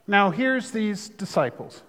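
A man's voice: sits high, animated, slow, pushed and bright, long reverb tail. A man preaching a sermon, talking conversationally with asides. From United States. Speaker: pastor.

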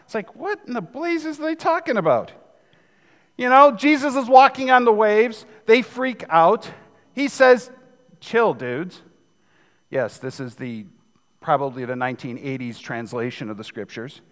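A man's voice: sits high, moderate pace, a bit bright, big-room sound. A man in his fifties preaching a sermon as pastor, in a conversational, joking manner. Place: church sanctuary.

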